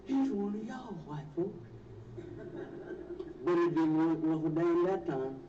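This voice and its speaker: A man's voice: medium pitch, mellow. A man telling a story in casual, earthy, profane speech, with a folksy drawl. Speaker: storyteller in a played recording. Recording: echoey, distant, lo-fi and noisy.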